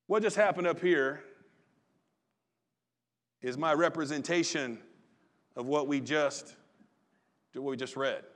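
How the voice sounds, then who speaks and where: A man preaching a sermon in a relaxed, conversational storytelling way, often restarting his phrases. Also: on the high side, slow, pauses often. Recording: long reverb of a large hall.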